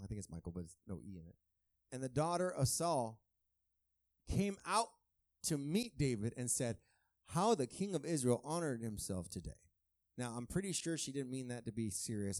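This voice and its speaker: A man preaching a sermon in a conversational, joking way, who swings from quiet asides to shouted, half-sung praise. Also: mid-range voice, dry recording, studio quality. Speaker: pastor.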